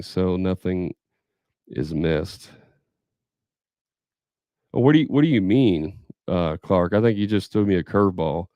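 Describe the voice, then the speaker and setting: A man's voice: lowish voice, warm tone, no echo. A man leading a live sales training for contractors, talking casually, thinking aloud and acting out customer conversations.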